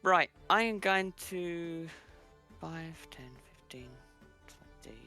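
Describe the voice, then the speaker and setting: A tabletop game player who muses over each move at an unhurried pace, laughing often. The voice swings widely in pitch. Faint music plays in the background. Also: animated, sharp tone. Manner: slow, musing, laughs often. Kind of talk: casual tabletop play.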